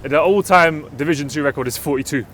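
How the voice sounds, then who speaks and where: A man with a London accent co-hosting a casual football chat, relaxed, leading segments and talking to viewers. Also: on the high side, fast, a crowd in the background. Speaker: podcast co-host.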